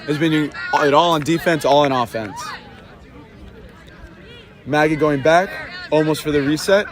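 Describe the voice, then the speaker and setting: A man giving relaxed, chatty color commentary on a live game outdoors, praising the players. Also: fairly high pitch, moderate pace. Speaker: sports commentator. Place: outdoors at a sports field. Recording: loud crowd noise outdoors.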